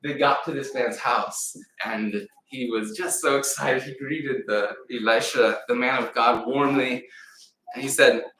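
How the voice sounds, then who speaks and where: Animated storytelling preacher in an echoey church. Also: male voice, mid-range voice, measured pace, a little hiss or hum. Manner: animated storyteller acting out voices. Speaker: pastor. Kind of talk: storytelling sermon. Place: church sanctuary. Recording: echoey room, mic at a distance.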